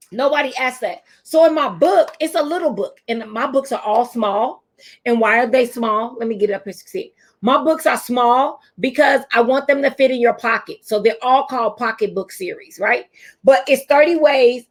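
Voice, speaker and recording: Middle-aged teacher lady giving a pep talk to other teachers, lively storyteller, says the big lines twice. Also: high voice. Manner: lively storytelling, repeats key phrases. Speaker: teacher and speaker.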